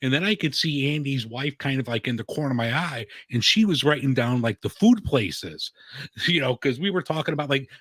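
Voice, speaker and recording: A food and beer writer chats casually, rambling and filling his talk with "like" and "you know". His voice sits at a middle pitch, and the recording is dry, with no room sound. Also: expressive, a little fast, a bit bright, no echo. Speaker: guest who writes about food and beer. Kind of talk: casual chat on a live stream.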